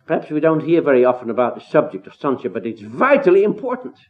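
A man delivers an earnest expository sermon, his somewhat high voice pushing up into emphatic exclamations and rhetorical questions. The recording is thin and tinny, as if heard over a phone line. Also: very animated, quick pace. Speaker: preacher.

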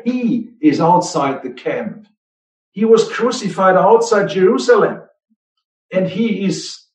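Slow, deliberate preacher in an echoey hall. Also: male voice, fairly high pitch, a little mellow, recorded from a distance. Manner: slow, deliberate, with emphatic repetitions. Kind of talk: sermon. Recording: echoey room, voice off-mic.

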